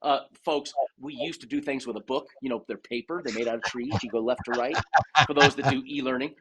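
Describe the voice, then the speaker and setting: A man telling stories as a podcast guest in a casual, animated way, acting out dialogue and often restarting his sentences. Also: medium pitch, fairly quick, noisy background. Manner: animated storyteller who acts out dialogue, with frequent restarts. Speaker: guest, retired race car driver and dive master. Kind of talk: casual storytelling interview.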